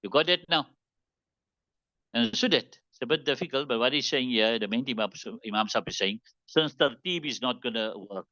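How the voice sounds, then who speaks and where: A man teaching Islamic law in a classroom lesson. He reads Arabic passages quickly, explains them slowly in English, and keeps asking if the class understands. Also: medium pitch, bright, forceful tone, no room sound, dull audio. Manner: explains text line by line, asks "you understand it?" often.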